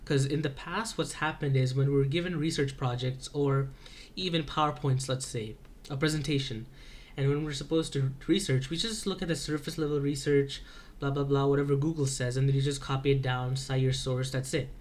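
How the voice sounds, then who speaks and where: A teenage boy talks through his school research project in a casual vlog. His pitch sits in an ordinary middle range. He stumbles and restarts often, filling gaps with "uh" as he works out his points. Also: steady tone, a little hiss or hum. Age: teens. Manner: loose, halting, many restarts and fillers. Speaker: high school student.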